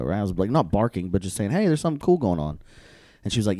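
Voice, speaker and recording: A man's voice: fairly low pitch, big pitch swings, racing, warm tone, no room sound. A young man, a comedian co-hosting a podcast, telling a rambling, crude story in casual banter.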